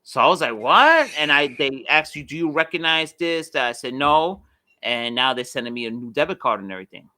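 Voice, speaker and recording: A man's voice: medium pitch, quick pace, hardly any pauses, pushed and bright, dry recording. A man co-hosting a casual podcast, telling stories with lots of swearing and acting out the voices of people he quotes. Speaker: podcast co-host. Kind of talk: casual chat.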